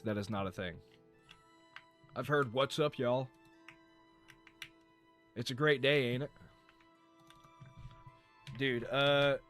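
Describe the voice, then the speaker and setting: A young man from North Carolina talks loosely on a live stream, wandering off track, cursing and poking fun at himself. His voice sits at an everyday middle pitch, with soft music playing underneath. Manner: rambling, swearing, self-mocking. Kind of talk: casual live-stream chat.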